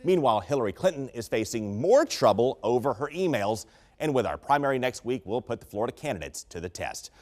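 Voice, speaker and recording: A man's voice: mid-range voice, sing-song, fairly quick, a little mellow. A man hosting a political comedy show, playfully reading out quiz options. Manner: playful quizmaster reading multiple-choice options. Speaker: host.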